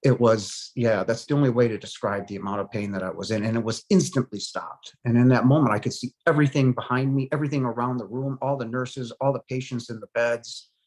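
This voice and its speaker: A man in his forties giving a personal testimony, earnest and halting, with frequent pauses and fillers, his voice softening into hushed moments. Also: medium pitch, steady tone. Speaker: near-death experience survivor.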